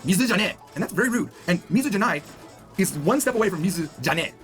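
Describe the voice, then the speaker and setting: Fast, lively male language teacher. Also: sits high, faint music behind. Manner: animated, jokey, acts out example lines. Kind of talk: video language lesson.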